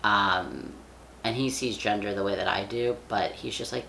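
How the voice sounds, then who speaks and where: A man's voice: lowish voice, steady tone, normal speed, creaky, bright, forceful tone, a little hiss or hum. A young man vlogging in casual chat, rambling with lots of fillers and casual swearing. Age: young adult.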